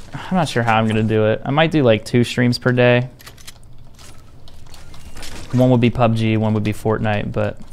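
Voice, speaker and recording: A man's voice: fairly low pitch, gravelly, a little mellow, smooth. A young man streaming a game, talking casually to his viewers in a blunt, defensive, profane way. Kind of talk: casual live-stream chat.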